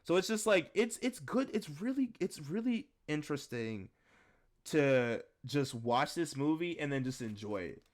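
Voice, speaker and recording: A young man talks through a film with a co-host in loose, slangy bursts, leaning on "like" and restarting his sentences as he gets excited. His voice sits high and swings widely in pitch. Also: normal speed. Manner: rambling, heavy use of "like", slangy, excitable. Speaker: podcast co-host reviewing a film. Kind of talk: casual chat.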